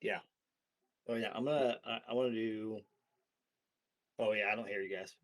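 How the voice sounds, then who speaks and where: A man's voice: fairly low pitch, fairly even intonation, moderate pace. Playful man at the game table. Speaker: player. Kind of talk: casual chat.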